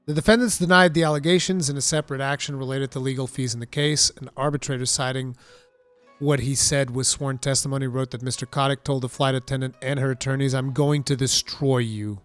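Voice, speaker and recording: A man's voice: mid-range voice, level tone, fast, a bit bright, clean tone, dry recording, soft background music. A man reading a news article aloud and breaking off into sarcastic, exasperated commentary. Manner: sarcastic, exasperated asides between read passages. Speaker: commentary streamer.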